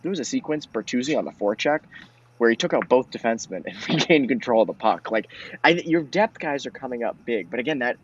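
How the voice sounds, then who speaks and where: A man's voice: mid-range voice, expressive, quick pace, a little hiss or hum. A man co-hosting a postgame hockey discussion, talking casually and rambling, filling his sentences with "like" and "um". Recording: dull lo-fi audio.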